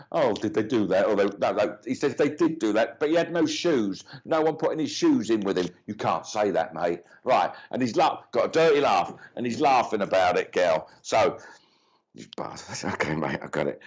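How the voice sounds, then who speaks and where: A man's voice: medium pitch, muffled recording. Chatty, cheeky man giving a reading. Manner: chatty, cheeky, blokey, with many restarts and asides to the spirit. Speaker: medium. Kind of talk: live mediumship reading.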